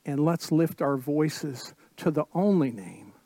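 Slow, emphatic preaching man. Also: a little high, lively intonation, no room sound. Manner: slow, emphatic preaching with repeated phrases and sudden soft drops. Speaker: pastor. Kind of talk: sermon.

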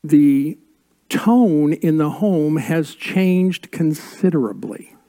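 An older man preaching a sermon as a pastor, with dramatic pauses and drops to a hush on key words. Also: a little high, animated.

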